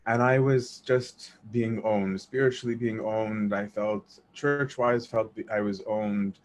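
A man's voice: lowish voice, fairly even intonation. Earnest man telling a personal story. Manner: earnest, self-deprecating, quick asides and restarts. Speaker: speaker sharing a personal faith story. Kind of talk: casual storytelling.

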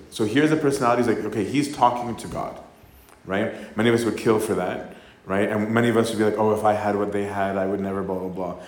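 A man's voice: fairly low pitch, fairly even intonation, normal speed, darkish tone, echoey room. A man giving a casual, conversational sermon, reading scripture and then talking it through, often tagging his lines with "right?". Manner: conversational, tags lines with "right?", acts out voices. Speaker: priest giving a talk.

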